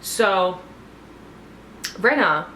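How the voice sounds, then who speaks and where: A woman's voice: mid-range voice, lively intonation, very slow, bright, forceful tone, a little hiss or hum. Gossipy woman recapping a show. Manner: gossipy, filler-heavy, many "like"s. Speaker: TV show reviewer. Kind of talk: casual chatty recap. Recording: echoey room, faint ambience.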